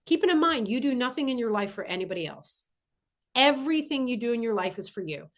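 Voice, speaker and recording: A woman with a slightly high voice gives an earnest spiritual talk. She speaks emphatically and circles back to repeat her key phrases for weight. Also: lively intonation, fast talker. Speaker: spiritual teacher. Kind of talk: inspirational spiritual monologue.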